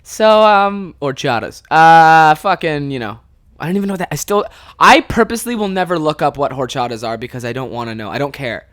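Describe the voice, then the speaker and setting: With a voice on the high side and a brisk delivery, a young Canadian podcast host tells a funny story casually. The studio sound is clean with no room sound, and he's animated, swears a lot, and bursts out laughing.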